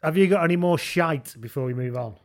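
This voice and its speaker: A man's voice: on the high side, fairly quick. A man co-hosting a podcast, joking and reading out listener messages in casual banter. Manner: joking, reads listener messages, does mocking voices. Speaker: podcast co-host.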